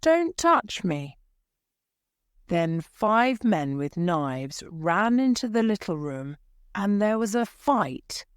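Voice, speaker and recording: Lady narrating a dramatic story, deliberate, dry close sound, unhurried. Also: fairly low pitch, lively intonation, smooth, dry recording. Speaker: story reader. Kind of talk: slow storybook reading for English learners.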